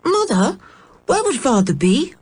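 A woman's voice: high voice, sing-song, a little slow, darkish tone, slightly rough, no echo, pitched above the performer's own voice, exaggerated voice. A woman reading a storybook, voicing a direct, tomboyish girl.

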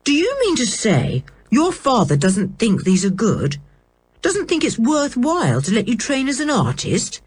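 A woman voicing a sensible, kind older boy who speaks calmly, in a storybook reading. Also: medium pitch, normal speed, husky. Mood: earnest. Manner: calm, helpful.

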